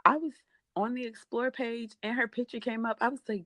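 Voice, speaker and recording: A young American woman hosting a podcast, telling stories in an animated, gushing, chatty way. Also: fairly high pitch, fairly quick, no echo, studio quality. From United States. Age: young adult. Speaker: podcast host. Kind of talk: casual podcast chat.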